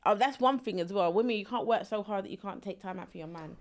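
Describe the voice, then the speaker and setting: A woman's voice: medium pitch, fast. Frank, easygoing woman podcast guest. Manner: laughs often, frank and easygoing. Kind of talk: casual chat.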